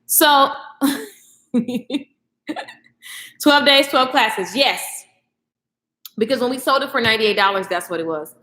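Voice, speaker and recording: A woman hosting a casual late-night live stream, animated and slangy, laughing often and talking straight to her viewers. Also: fairly high pitch, slow pace, pauses often. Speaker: live stream host, beauty professional. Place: echoey room, home at night. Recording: echoey room.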